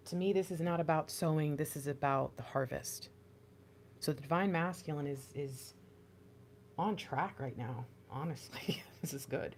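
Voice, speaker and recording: A young woman giving an intuitive tarot reading, rambling and excitable, often trailing off and laughing. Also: on the low side, moderate pace. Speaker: tarot reader.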